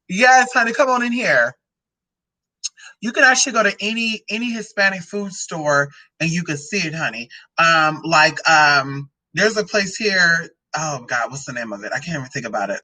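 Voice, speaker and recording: Sitting low and sounding sharp, this transgender woman's voice comes through poor audio as she casually reviews drinks and food. She's sassy and profane, rambling off on one tangent after another.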